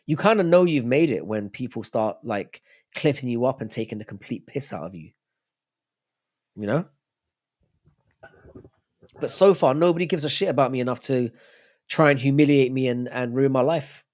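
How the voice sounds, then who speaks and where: A man's voice: medium pitch, expressive, moderate pace, long pauses, a little mellow. A man hosting a livestream, rambling, swearing and joking with his chat. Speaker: livestream host.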